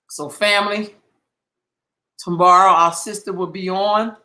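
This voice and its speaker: A man with a high, bright, cutting voice delivers a fiery livestream monologue. He speaks with heat and blunt profanity, and he hammers his points through repetition. The room around him sounds hollow and echoey. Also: fairly even intonation, a little slow. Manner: heated, profane, emphatic and repetitive. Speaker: livestream host.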